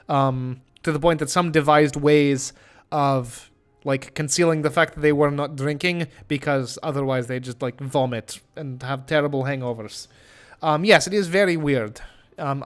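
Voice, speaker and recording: A man streaming a game, talking in a put-on comedy Russian accent that drops articles in a deadpan way. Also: fairly high pitch, lightly acted. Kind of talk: live-stream commentary.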